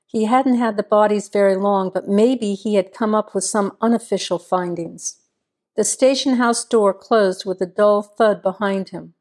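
A woman narrating a small-town crime novel in a measured storytelling manner. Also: mid-range voice, darkish tone. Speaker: audiobook narrator. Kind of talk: scripted narration.

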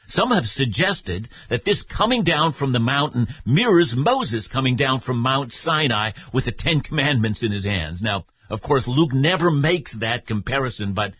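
A man giving a Bible teaching for radio, explaining in a measured way and speaking directly to his listener. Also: medium pitch, lively intonation, fairly bright tone, husky, no room sound, dull audio.

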